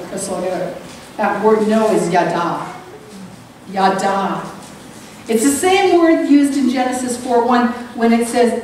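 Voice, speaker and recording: A woman preaches a morning sermon in an earnest, reflective way, her voice climbing sharply when she presses a point. She sits a bit high for a woman. The recording is very echoey, and she sounds distant from the mic over a faint hiss. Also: darkish tone.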